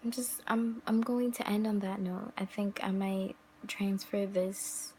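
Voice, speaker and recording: A woman's voice: mid-range voice, darkish tone, slight background noise, rough recording. A young woman vlogger talking casually to camera, giving emphatic relationship advice full of rhetorical questions. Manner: emphatic, rhetorical questions, acts out quoted voices.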